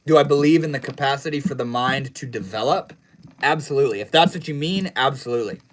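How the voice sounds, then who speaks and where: A young man hosting a casual livestream, reading chat messages aloud and answering in a laid-back, slangy way that trails off into low mumbles. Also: fast talker, a little hiss or hum, poor audio. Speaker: livestream host.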